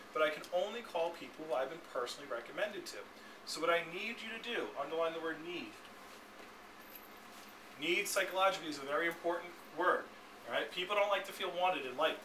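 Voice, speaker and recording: Brisk fast-talking male sales trainer. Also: a little high. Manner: brisk, keeps checking in with the room. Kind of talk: classroom sales training talk. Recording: echoey, distant, noisy room recording.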